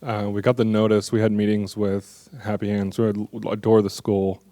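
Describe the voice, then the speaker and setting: Halting young man with a low voice. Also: little pitch movement, dark tone, no echo, clean studio sound. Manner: halting, hesitant, many ums. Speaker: parent speaking to an audience. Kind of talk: personal speech at an event.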